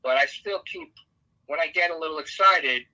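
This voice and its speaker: A man's voice: fairly high pitch, wildly swooping pitch, normal speed, pushed and bright, low-quality recording. A man from Brooklyn with a New York accent, a guest author chatting casually on a podcast.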